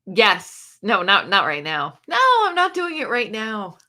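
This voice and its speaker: A woman with a bright, forceful voice hosting a relaxed livestream. She chats loosely, laughs a lot and answers viewer comments as they come in. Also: mid-range voice, a little slow. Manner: chatty, laughs often, reads viewer comments aloud. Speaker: book channel host. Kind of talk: casual livestream chat.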